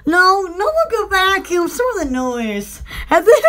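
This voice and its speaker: A woman's voice: very high-pitched, big pitch swings, a little slow, a bit bright. A woman hosting a casual home shopping live stream, rambling and laughing often as she chats and mimics household appliance noises.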